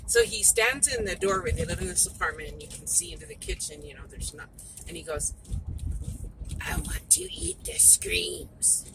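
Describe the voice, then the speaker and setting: A woman's voice: low voice, fast talker. A middle-aged woman, rambling and chatty as she tells a story to her phone camera. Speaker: vlogger. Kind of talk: casual chat to camera. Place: in a car. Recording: noisy car phone recording. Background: road and vehicle noise.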